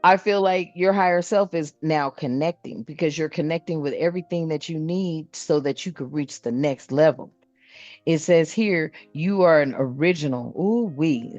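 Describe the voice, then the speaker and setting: A low-voiced woman talks through a spiritual card reading in a loose, casual way. She swears bluntly and laughs often. The recording is dry and a little muffled, with faint music behind her. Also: lively intonation, a little slow, a little mellow, no room sound.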